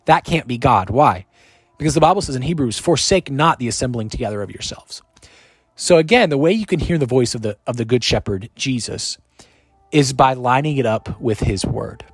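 A man preaching a sermon, emphatic and repeating his key lines, with sudden swings in loudness. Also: mid-range voice, animated, fairly quick, breathy edge, no room sound.

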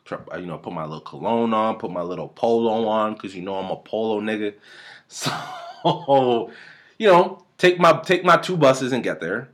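A man's voice: on the low side, animated, normal speed, fairly bright tone. A man, casually telling a rambling, profane story on his podcast at a home desk mic. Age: 30s. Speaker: podcast host. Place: home room. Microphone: desk mic at close range.

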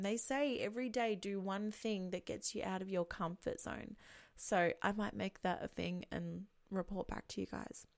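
A young woman hosts her own podcast in a loose, candid chat. Her voice has a gravelly fry running through it, and she swears casually and keeps slipping into hushed, whispered asides. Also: medium pitch. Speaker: podcast host.

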